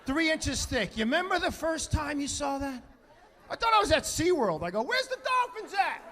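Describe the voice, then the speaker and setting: Brash stand-up comedian man with a high, animated voice, playing to a live room with faint audience noise. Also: moderate pace, a faint crowd. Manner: brash, profane storytelling with acted-out quotes and loud punchlines.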